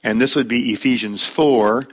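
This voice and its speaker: A man's voice: mid-range voice, moderate pace. Folksy middle-aged man leading Bible study. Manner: plain-spoken, calls on listeners by name to read verses; folksy, tells personal anecdotes with light laughs. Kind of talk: conversational Bible teaching.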